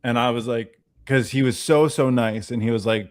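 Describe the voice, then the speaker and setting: A man's voice: mid-range voice, fairly quick, few pauses. A man in casual conversation, telling a story with swearing and quoted dialogue. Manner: animated storyteller, acts out dialogue, swears freely. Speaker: podcast guest.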